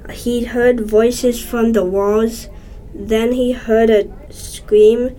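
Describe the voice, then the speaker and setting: Slow, mellow woman reading a story. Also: a little high, fairly even intonation, slight background noise, rough recording. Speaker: story reader. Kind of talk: reading a short story aloud.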